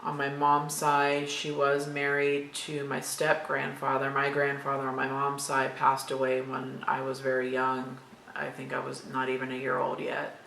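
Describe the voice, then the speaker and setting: A woman's voice: a bass voice, completely flat delivery, moderate pace, gravelly, fairly bright tone. A woman in her thirties from Florida casually reads tag questions aloud and answers them in a chatty, rambling way. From Florida, USA. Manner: chatty, rambling, matter-of-fact. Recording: echoey room with faint background noise.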